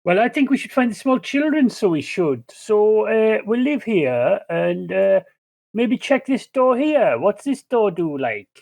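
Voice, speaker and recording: A man's voice: high-pitched, big pitch swings, a little slow, creaky, a little mellow, heavily acted. An older man voicing a cheerful male gnome artificer in a put-on Welsh accent, ending his sentences with "so it is". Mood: earnest. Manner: ends sentences with "so it is". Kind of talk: in-character tabletop play.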